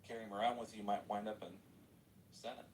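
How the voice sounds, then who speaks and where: A man's voice: fairly low pitch, level tone, fast, far from the mic, slight background noise. A man joking and needling others in a casual group voice chat. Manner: joking, provocative banter.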